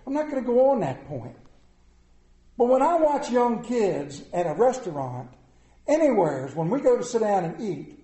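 High-voiced folksy preacher in a roomy church. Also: male voice, mellow. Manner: folksy, conversational preaching with rhetorical questions. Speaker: pastor. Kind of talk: sermon.

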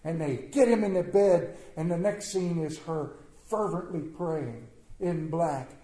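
A man's voice: a little high, unhurried. Folksy dramatic preacher man, echoey hall. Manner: dramatic storyteller, swinging from loud to hushed; folksy, plainspoken. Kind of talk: storytelling sermon. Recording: echoey room.

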